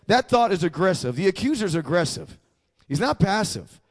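Male pastor with a high voice, emphatic sermon delivery, call-and-response. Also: big pitch swings, normal speed.

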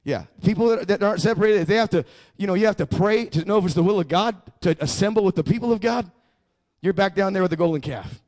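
Pastor, male, high voice, emphatic sermon delivery with call-and-response prompts to the congregation. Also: fast talker, a little mellow.

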